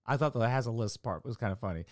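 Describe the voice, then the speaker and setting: A man rambles through a casual vlog chat about doing stand-up, full of fillers, restarts and casual swearing. His voice sits at an ordinary middle pitch. The sound is dry and close, with no room around it. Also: expressive, fast, darkish tone, dry recording. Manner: rambling, profane, many fillers. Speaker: amateur stand-up comic.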